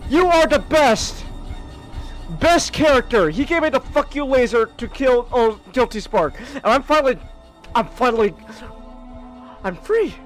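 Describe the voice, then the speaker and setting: A man hosting a casual live-stream podcast while playing a game, excitable, with loud outbursts and stammered restarts. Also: extremely high pitch, unhurried, soft background music.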